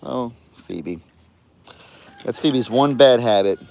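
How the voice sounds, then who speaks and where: A man's voice: mid-range voice, lively intonation, slow, creaky, a little mellow. A man strolls his farm and talks to the camera in a loose, chatty way, stopping to dote on his birds and pets. His voice sits in an ordinary middle register. Faint outdoor farm noise and clucking chickens run beneath him. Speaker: farm vlogger. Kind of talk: casual farm vlog.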